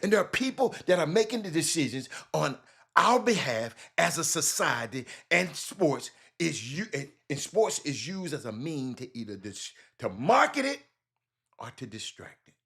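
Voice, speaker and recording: A man's voice: fairly high pitch, very animated, moderate pace, vocal fry, a bit bright, breathy edge. A man hosting a live sports talk show with a Southern US accent, speaking animatedly and calling out chat viewers by name.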